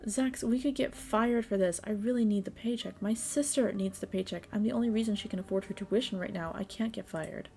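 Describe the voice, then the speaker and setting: Woman doing a nervous young miner begging not to lose his job, slow and earnest. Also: mid-range voice, creaky, dark tone, slight background noise, close to an everyday voice. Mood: worried. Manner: pleading, worried. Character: young male miner, anxious about money.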